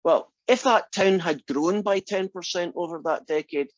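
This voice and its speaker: A man's voice: sits high, moderate pace, no echo, muffled recording. A man teaching a statistics class, reasoning aloud and asking the class many questions. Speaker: math instructor. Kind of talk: classroom lecture.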